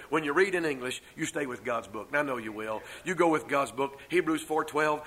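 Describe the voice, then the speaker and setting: An older man preaches from the pulpit. He drops into slow, heavily stressed refrains, then hurries through asides in a fairly high voice. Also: fairly bright tone, low-quality recording. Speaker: pastor. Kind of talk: sermon.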